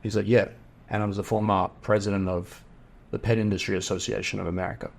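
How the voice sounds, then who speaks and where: Lively Australian man telling a story. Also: lowish voice, fast, creaky. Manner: animated, acts out quoted dialogue. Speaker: podcast guest, entrepreneur. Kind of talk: casual storytelling.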